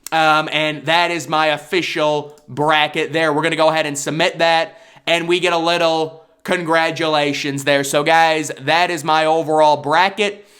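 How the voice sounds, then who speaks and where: A man's voice: fairly high pitch, flat delivery, normal speed, a bit bright, clear, resonant tone. A young man talking casually through his basketball bracket picks in a playful, hyped-up way. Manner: hyped, jokey self-proclaimed bracket expert. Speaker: sports bracket predictor. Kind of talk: casual sports prediction vlog.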